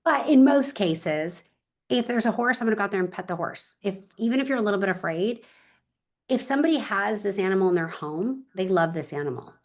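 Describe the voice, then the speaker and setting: A woman's voice: medium pitch, lively intonation, fairly quick. A woman real estate agent talking in an interview, telling stories with energy and emphasis and speaking straight to her listeners.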